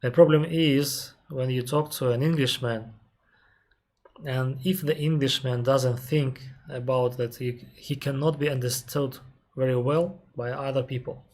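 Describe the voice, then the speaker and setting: A man's voice: mid-range voice, fairly even intonation, a little mellow. Russian-accented man explaining patiently. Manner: unhurried, explaining step by step with frequent restarts and pauses. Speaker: airline captain answering viewer questions. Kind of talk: casual live-stream Q&A.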